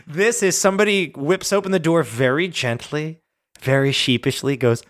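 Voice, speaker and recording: A man co-hosting a comedy podcast, chatting casually and riffing on a silly idea, laughing often and breaking into high whoops. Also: normal speed, fairly bright tone. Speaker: podcast co-host.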